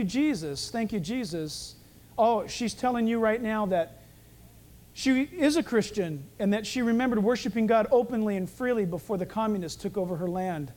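A man preaching a sermon as pastor, telling stories and acting out the dialogue. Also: high voice. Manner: animated storytelling, acting out dialogue.

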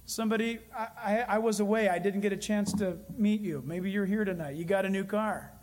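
A man preaching a sermon in church, earnest and full of stories, slowing down to stress key phrases. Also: high-pitched, fairly even intonation, a little mellow. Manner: earnest, storytelling preacher with emphatic slowed phrases. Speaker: pastor.

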